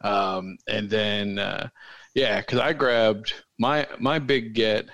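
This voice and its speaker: Man, low voice, casual podcast chat, rambling, dry close sound. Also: steady tone, slow pace, fairly bright tone, no echo, rough recording. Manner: rambling, joking, many fillers. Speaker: podcast co-host.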